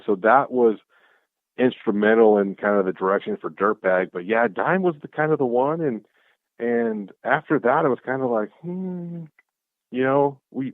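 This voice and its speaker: A man with a fairly low voice tells stories with excitable energy, acting out what everyone said. His voice comes through a thin, tinny call line that sounds like a phone. The sound is dry, with no room around it. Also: no echo. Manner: excitable, acts out quoted exchanges. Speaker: guest, clothing brand founder. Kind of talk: casual storytelling chat. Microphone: call audio.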